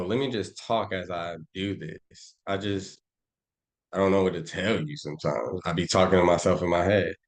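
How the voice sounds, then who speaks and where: A man teaching a casual live trading class, rambling and slangy, thinking out loud as he charts on a shared screen. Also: lowish voice. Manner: rambling, slangy, talks to himself while charting. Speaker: trading instructor.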